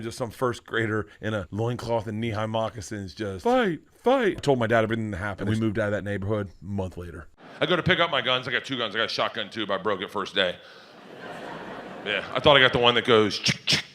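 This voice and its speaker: A middle-aged man telling rowdy, laugh-filled stand-up stories. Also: on the low side. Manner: animated, rowdy, laughs often mid-story. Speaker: comedian. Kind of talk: stand-up storytelling.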